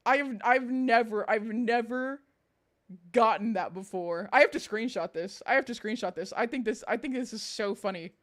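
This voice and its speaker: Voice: mid-range voice, normal speed, a bit bright. A VTuber streamer chatting casually with chat, reading messages aloud, swearing freely and often breaking into laughter.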